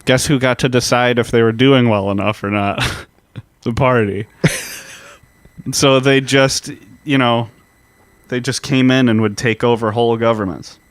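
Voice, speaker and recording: A man walks through historical events on a casual podcast, loose and a little profane. His voice is smooth and clear at a medium pitch. The recording is close and dry. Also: steady tone, a little slow, no echo. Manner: explains at length, casual, with fillers and profanity. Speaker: podcast co-host.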